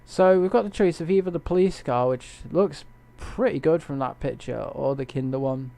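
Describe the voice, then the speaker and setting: Playing a racing game on stream late at night from home, the gamer rambles and cracks jokes in a casual commentary for his viewers. His voice is a little high yet dark in tone, creaky, and moves at a normal speed.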